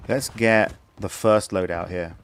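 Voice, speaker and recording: A man's voice: deep voice, fairly even intonation, measured pace, fairly bright tone, clean tone. A young man giving casual, wry, rambling commentary while streaming a game. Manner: wry, rambling, self-amused. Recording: game sounds and noise behind.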